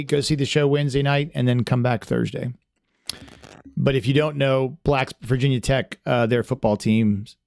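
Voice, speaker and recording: A man hosting a casual podcast with a gravelly voice of ordinary pitch. He talks in a friendly, rambling way, full of fillers and restarts. The recording is dry, with no room sound. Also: darkish tone, dry recording. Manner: friendly, chatty. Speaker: podcast host.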